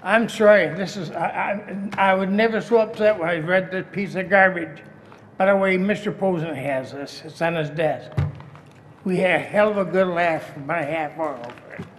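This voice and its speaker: A man's voice: high voice, normal speed, a little hiss or hum. A man giving a heated, accusing public comment at a city council meeting. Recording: echoey council chamber.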